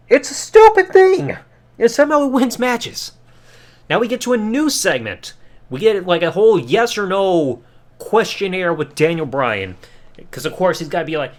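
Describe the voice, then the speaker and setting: Sarcastic podcast host, man, lively swooping delivery, fairly high voice, swears a lot. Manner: sarcastic, animated, swears freely. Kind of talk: casual episode review.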